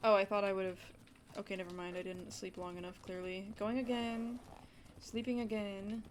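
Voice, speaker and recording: A young woman chats loosely while streaming a game, rambling to her viewers and gushing over what she finds. Her voice sits at a middling pitch for a woman. Soft keyboard typing ticks faintly behind her. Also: moderate pace, a little hiss or hum. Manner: chatty, rambling, talks to chat, gushes with excited gasps. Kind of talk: casual livestream commentary.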